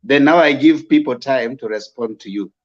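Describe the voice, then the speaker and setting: A man hosting a debate, calmly lecturing a caller on how to debate and smoothing things over. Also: medium pitch, normal speed. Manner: calm, lecturing, conciliatory. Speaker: host. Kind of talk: moderating a debate. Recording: dull lo-fi sound.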